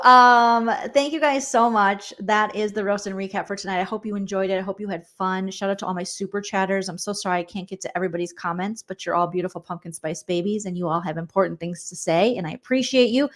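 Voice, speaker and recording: A woman's voice: medium pitch, fairly bright tone. A woman hosting a casual livestream recap, chatty and rambling, often acting out quotes. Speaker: host.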